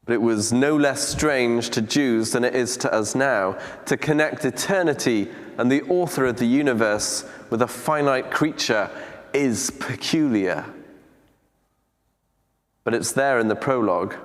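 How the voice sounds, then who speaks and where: Measured preacher man in a reverberant church. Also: medium pitch. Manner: measured, deliberate delivery with reflective pauses. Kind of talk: teaching talk on scripture.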